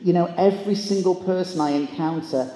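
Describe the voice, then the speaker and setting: A man's voice: high voice, fairly quick, mellow. A man giving a humorous motivational talk to a live audience, telling comic stories and acting out the people in them. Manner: comic storytelling, acting out quoted voices. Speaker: motivational keynote speaker. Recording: echoey large hall.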